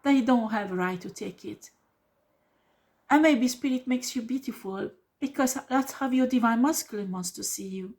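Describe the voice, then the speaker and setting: A woman's voice: fairly high pitch, normal speed, darkish tone. Blunt, emphatic woman tarot reader. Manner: blunt, emphatic, swears when upset. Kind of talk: tarot reading video.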